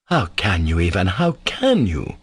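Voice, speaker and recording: A man voicing a timid, warm-hearted young man in an audiobook, speaking softly and earnestly. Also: mid-range voice, very animated, normal speed, breathy edge. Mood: pleading. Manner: soft, pleading, earnest delivery. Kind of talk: audiobook character voice.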